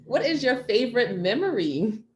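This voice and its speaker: A woman's voice: a little high, sing-song, moderate pace, slight background noise. A woman hosting a podcast interview who responds to her guest in an affirming way. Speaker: podcast host. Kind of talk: interview chat.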